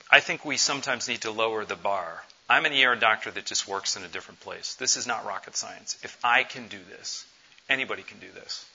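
A man in his forties gives an earnest, conversational conference talk, pausing on fillers as he goes. His voice has a bright, forceful edge. The recording sounds dull and lo-fi. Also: mid-range voice, slightly rough. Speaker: missions conference speaker.

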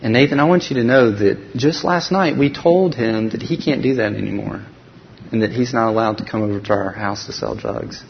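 A man speaking at a conference, telling a personal faith story with lively acted dialogue and frequent restarts. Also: lowish voice, brisk, vocal fry, a little hiss or hum. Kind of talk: personal testimony talk. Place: large conference hall. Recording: dull recording in a reverberant hall.

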